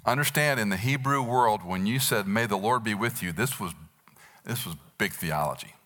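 Preaching at normal speed, a man in his sixties from the United States uses a fairly low, bright, and forceful voice. This pastor recounts a Bible story and brings its quotes to life with animated delivery.

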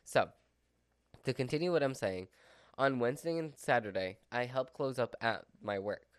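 A man's voice: medium pitch, normal speed, smooth, no echo, clean studio sound. A man vlogging from home in a rambling casual chat, full of "like" and "so" fillers. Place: at home with his dog. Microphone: mic within his dog's reach.

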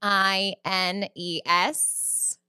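Woman doing a young celebrity daughter, offhand, bright voice, dry sound, prank call. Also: mid-range voice, little pitch movement, extremely slow, clear, resonant tone, no room sound, full character voice. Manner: offhand, downplaying.

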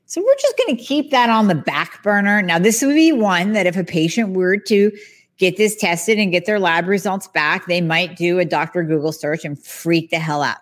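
A woman podcast host, a health practitioner, talking through lab results in a lively, conversational way. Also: fairly low pitch, normal speed. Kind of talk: casual explanatory podcast talk.

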